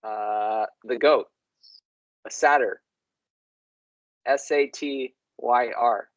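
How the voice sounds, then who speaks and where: Slow musing guy sounding out words, dry dull lo-fi audio. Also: medium pitch, steady tone. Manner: musing, repeats words aloud to try them. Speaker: co-host. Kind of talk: casual language discussion.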